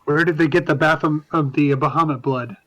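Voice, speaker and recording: Man with a raised pitch, easygoing. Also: brisk, poor audio. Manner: relaxed, agreeable, gives earnest sign-off advice. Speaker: tabletop game player. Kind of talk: casual chat after a tabletop game.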